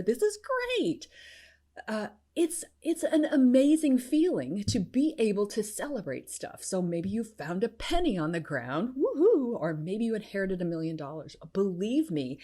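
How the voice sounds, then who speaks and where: Bubbly woman host with lively pitch. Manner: bubbly, bursts into high cheers of yay. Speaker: podcast host and business coach. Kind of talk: enthusiastic solo podcast talk.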